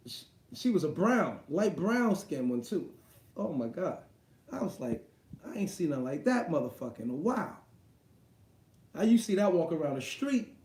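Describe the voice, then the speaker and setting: A man hosting a live boxing stream, talking in a crude, excitable, rambling way full of slang. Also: on the high side, echoey room. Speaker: boxing show host. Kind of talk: casual live-stream chat.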